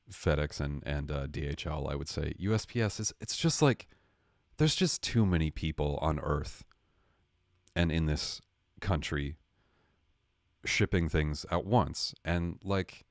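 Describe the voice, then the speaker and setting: A man's voice: extremely low pitch, dry recording, studio quality. A young man hosting a livestream, rambling through a casual, sarcastic comedic rant full of swearing. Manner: rambling, sarcastic, swearing, lively impressions of others. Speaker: livestream host.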